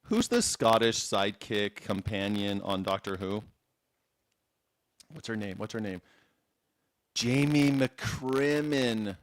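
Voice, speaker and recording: A man's voice: lowish voice, level tone, unhurried, pauses often, fairly bright tone, no room sound. A man hosting a call-in news reaction show from his seat, chatting playfully and rambling with lots of restarts. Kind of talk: casual live-stream chat. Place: seated indoors.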